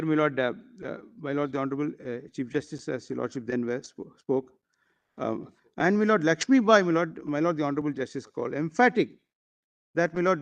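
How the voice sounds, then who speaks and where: A man with an Indian English accent arguing formally before a court, addressing the bench as "my lord" again and again. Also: on the high side. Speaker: advocate. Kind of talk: courtroom argument.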